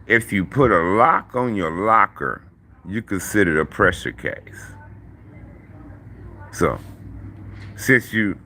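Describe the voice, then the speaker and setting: Deep gravelly man telling stories. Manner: profane, slangy, animated retelling. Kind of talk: casual storytelling.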